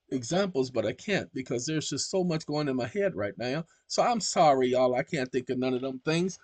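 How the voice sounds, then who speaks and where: Male host, emphatic lecturing monologue, husky voice, a bit high-pitched. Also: a little mellow, no echo. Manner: emphatic and preachy, keeps addressing the audience directly. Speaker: channel host. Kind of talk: casual explanatory monologue.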